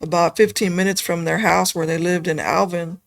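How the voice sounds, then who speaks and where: A woman guest on a podcast, talking casually and rambling with lots of "you know" and "like", going soft and subdued over hard memories. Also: on the low side, fairly even intonation, fairly quick, gravelly, dry recording. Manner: soft, subdued when telling sad parts. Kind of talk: casual conversation.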